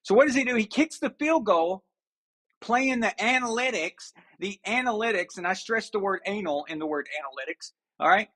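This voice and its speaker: A man's voice: high voice, animated, fairly quick, hardly any pauses, a bit bright. A man hosting a sports talk show, ranting and sarcastic. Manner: ranting, sarcastic, mocking impressions. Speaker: show host.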